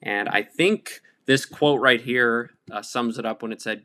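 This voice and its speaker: A man's voice: medium pitch, fairly even intonation, moderate pace, hardly any pauses, sharp tone. A man hosting a solo podcast, talking casually in an irreverent, profane, rambling way full of fillers. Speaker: podcast host.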